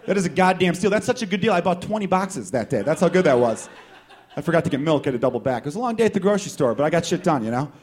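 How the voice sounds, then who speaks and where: A male stand-up comedian with a slightly high voice and a profane, riffing delivery. He works a small live crowd, swinging between loud bursts and mutters. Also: sing-song, racing.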